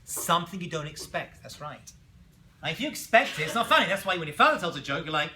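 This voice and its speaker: A man teaching a class as a rabbi, telling jokes and stories in an animated way and throwing questions at his students. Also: a little high, quick pace, a little hiss or hum. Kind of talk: classroom lecture.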